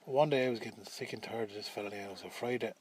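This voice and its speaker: A man's voice: fairly low pitch, racing, noisy background. An Irish man telling a rambling, chatty story to his family, often checking in with his listeners.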